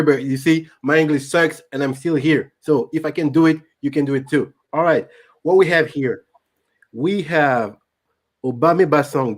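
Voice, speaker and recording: A French-accented man hosts a live stream, a native French speaker talking in English. His voice sits at a middle pitch. He chats casually and reads viewer comments aloud. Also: darkish tone. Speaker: host.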